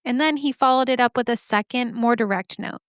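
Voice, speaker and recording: A woman's voice: a little high, brisk, dry recording, clean studio sound. A woman hosting a podcast, telling a story casually with joking asides and lots of "like". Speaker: podcast host.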